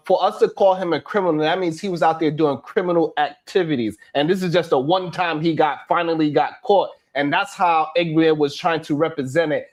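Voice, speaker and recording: A man on a discussion panel, defending his view insistently and repeating his words as he goes. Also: on the high side. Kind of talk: heated panel debate.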